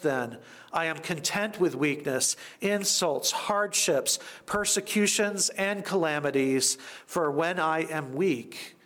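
Slow, measured male preacher. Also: on the high side, a bit bright. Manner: measured, deliberate preaching with emphatic repetition. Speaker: pastor. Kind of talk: sermon.

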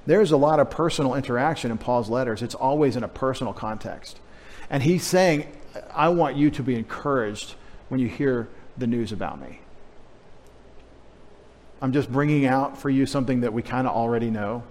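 A man's voice: mid-range voice, moderate pace, darkish tone. A male pastor preaching a sermon in a conversational, emphatic way with wry humorous asides. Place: church sanctuary. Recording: long hall reverb.

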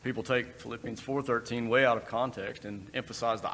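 A man's voice: medium pitch, little pitch movement, normal speed, a bit bright. A man giving a conversational sermon, breaking into brief acted quotes. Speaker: preacher. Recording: long reverb in a hall, faint background noise.

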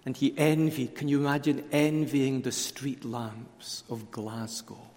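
Male preacher, mid-pitched, deliberate and hushed on key words, heard in a reverberant hall. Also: flat delivery. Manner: slow, emphatic, dropping to hushed tones on key words. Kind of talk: sermon at a conference.

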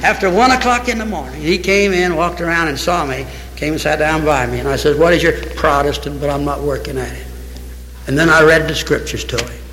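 Male pastor, fervent sermon delivery, bright tense voice, slightly raised pitch, long hall reverb. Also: fairly quick, slight background noise. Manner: fervent storytelling preacher, acts out dialogue. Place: church sanctuary.

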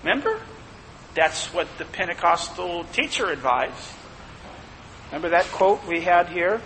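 Preacher, male, very high tone, sharp and forceful, rhetorical questions, echoey church hall. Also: animated, unhurried. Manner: emphatic, asks rhetorical questions. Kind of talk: sermon. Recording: long hall reverb, faint noise.

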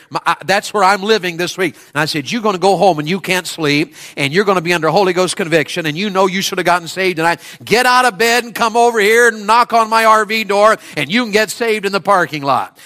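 Evangelist, male, bright tense tone, folksy sermon storyteller who gets fired up. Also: fairly high pitch. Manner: folksy storytelling with rising bursts of excitement. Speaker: evangelist preacher.

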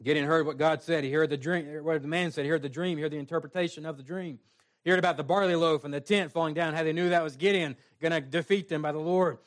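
A man's voice: on the high side, steady tone, quick pace. A male pastor preaching a sermon, reading scripture and adding folksy asides.

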